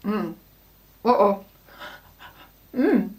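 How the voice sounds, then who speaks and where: A woman's voice: medium pitch, lively intonation, extremely slow, a little mellow. An Australian woman hosting a snack taste-test vlog, chatting to camera in a bubbly, self-mocking way. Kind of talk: casual chat to camera.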